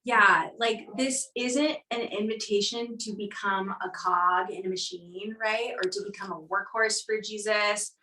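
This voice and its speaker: A woman's voice: medium pitch, steady tone, measured pace, few pauses, sharp tone. A woman leading a casual church discussion, talking animatedly with many fillers and laughs. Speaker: discussion leader. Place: live church gathering in a room. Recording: echoey room from a distance.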